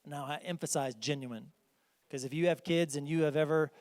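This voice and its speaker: Pastor pria, suara tinggi, berkhotbah sungguh-sungguh di gedung gereja bergema panjang. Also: male voice, fairly high pitch, normal speed, darkish tone, long reverb tail. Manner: earnest, emphatic preaching. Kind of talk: sermon. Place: church sanctuary.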